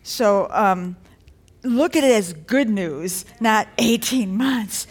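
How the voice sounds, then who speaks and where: A woman's voice: mid-range voice, expressive, takes it slowly, husky. A woman preaching a sermon to a congregation in a church, in a conversational, encouraging way that builds to rising exhortations.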